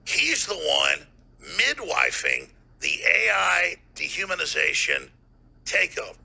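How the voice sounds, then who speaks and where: A man hosting a talk radio show, delivering a heated, ranting monologue with bursts of shouting. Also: a little high, wildly swooping pitch, slow pace, vocal fry, slightly rough.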